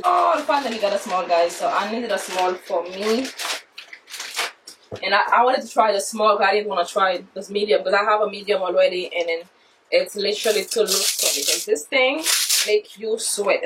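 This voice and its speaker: A woman vlogging casually from her basement, chatting straight to viewers, excitable and swearing freely. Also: medium pitch, distant mic, a little hiss or hum, rough recording. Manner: excitable, swearing, talks straight to viewers, non-native grammar. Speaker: vlogger unboxing her own fitness products. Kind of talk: casual unboxing vlog. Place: home basement.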